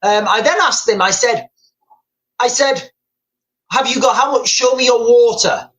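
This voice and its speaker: A man's voice: extremely high pitch, unhurried, a bit bright, low-quality recording. A middle-aged man hosting a casual live stream, telling rambling stories and calling his viewers guys, with many restarts.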